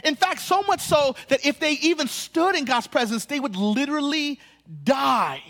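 A man preaching a sermon as a pastor, his voice sitting unusually high for a man. He talks in animated bursts, stumbling over repeated words as he restarts, then slows right down to lean on key phrases.

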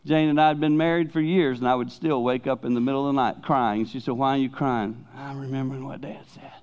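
A middle-aged male pastor preaching a sermon in a loose, conversational way. His pitch sits in a middle register, and he often drops to hushed tones for emphasis. The recording sounds dull and lo-fi. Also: fairly even intonation, fairly quick, smooth. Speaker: pastor and speaker.

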